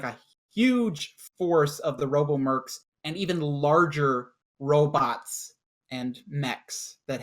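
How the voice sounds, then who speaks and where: A game master narrating a tabletop role-play scene, halting and stopping often to rephrase. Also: mid-range voice. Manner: halting, full of restarts and fillers while describing scenes.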